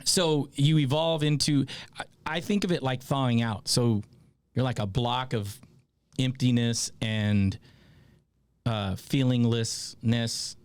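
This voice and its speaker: A man hosts a casual interview, an irreverent veteran who swears and laughs easily. His voice sits at a middle pitch. The recording is dry and close, with no room echo. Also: smooth. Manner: irreverent, profane, quick to laugh. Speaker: podcast host, veteran.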